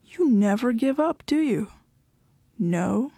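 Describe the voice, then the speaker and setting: A woman voicing an estranged wife who speaks firmly, flatly and with worn patience. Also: fairly high pitch, slow, husky, dry recording, studio quality, heavily acted. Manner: firm, flat, impatient.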